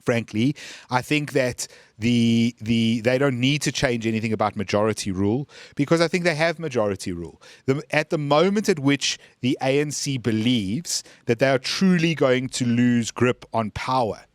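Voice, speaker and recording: A man's voice: mid-range voice, lively intonation, normal speed, no echo. A man co-hosting a political podcast, blunt and opinionated, with dry jokes. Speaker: podcast co-host. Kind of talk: casual political chat.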